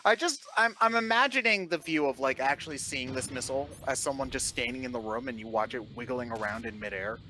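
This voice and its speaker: A man's voice: mid-range voice, fairly quick, few pauses, sharp tone, slight background noise. A young man co-commentating a charity game stream, reading donations and laughing often. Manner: laughs often while talking.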